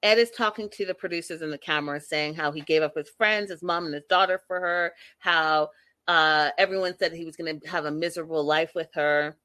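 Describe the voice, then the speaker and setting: Recapping a reality show on a live stream, this host addresses her viewers in a sassy, exasperated, lively manner. She speaks in a low-pitched voice, a little fast, with no echo.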